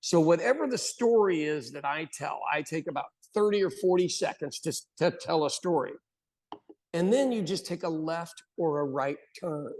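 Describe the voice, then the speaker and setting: An American man co-hosting a podcast, chatting casually and telling stories with animated acted-out quotes. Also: fairly high pitch. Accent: General American. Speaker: podcast co-host. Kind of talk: casual chat.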